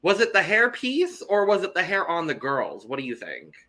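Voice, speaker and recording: A man's voice: high-pitched, huge pitch swings, normal speed, sharp tone. A young man co-hosting a podcast in casual chat, talking loosely, with some swearing and repeated words. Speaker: podcast co-host.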